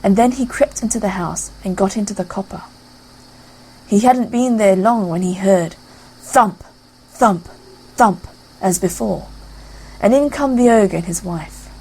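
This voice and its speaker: Breathy woman telling a fairy tale. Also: mid-range voice, a little slow, poor audio. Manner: lively read-aloud storytelling. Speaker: narrator. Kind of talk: storybook narration.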